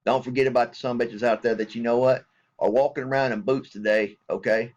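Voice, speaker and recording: A man with a drawl, a military veteran, ranting straight into a vlog. He talks bluntly and angrily, swearing freely, at an ordinary middle pitch. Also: fairly even intonation, a little fast, darkish tone, dull audio. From Southern United States. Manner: blunt, angry and heavily profane.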